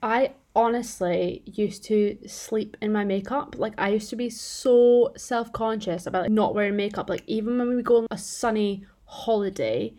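A woman's voice: mid-range voice, moderate pace, hardly any pauses, dark tone. Chatty young British-sounding woman. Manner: chatty storytelling, acts out quotes. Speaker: podcast co-host. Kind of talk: casual chat.

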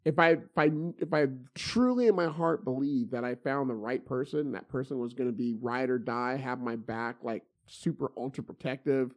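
A man's voice: mid-range voice, normal speed, hardly any pauses. A middle-aged man telling stories in casual chat, swearing freely and restarting his sentences with repeated words. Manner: profane, animated, many stammered restarts.

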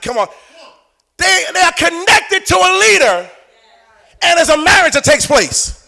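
A man preaching as a pastor, shouting and singing out phrases and acting out the voices of the people in his text. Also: very high-pitched, very animated, normal speed, creaky, pauses often. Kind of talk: sermon.

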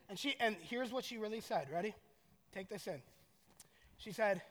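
A man's voice: high-pitched, animated, normal speed, long pauses, fairly bright tone. A man in his thirties, a pastor preaching a sermon in a casual, joking storytelling way, in a large church hall.

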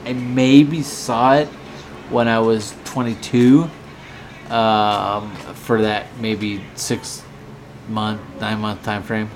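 A man's voice: medium pitch, slight background noise. A drunk man hosting a podcast, rambling and swearing as he bickers with a co-host. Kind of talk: casual drunken rant.

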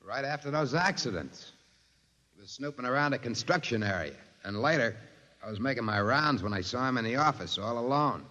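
An actor playing a matter-of-fact security guard testifying in an old radio drama. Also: male voice, medium pitch, lively intonation, a little fast, pushed and bright. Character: plain-spoken male security guard. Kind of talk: 1950s radio drama acting. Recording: dull recording with long reverb.

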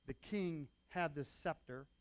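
A man's voice: a little high, unhurried, no echo. A man preaching a sermon as pastor, talking in a loose, conversational way with frequent asides to the congregation.

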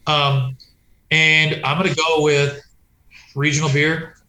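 A man tells road stories in a loose, rambling way, swearing freely and slipping into voices for the people he quotes. His voice sits a little high and sounds bright and forceful. The sound is roomy, with a clear echo. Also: little pitch movement, slow pace. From United States. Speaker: touring punk musician guest. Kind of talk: casual storytelling chat.

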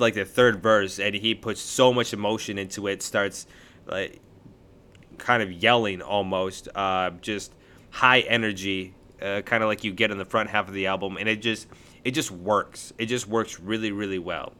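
A man's voice: fairly low pitch, steady tone, moderate pace, sharp tone. A man co-hosting a casual music podcast, talking enthusiastically about an album he loves. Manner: enthusiastic, gushing. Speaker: podcast co-host. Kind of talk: casual album review chat.

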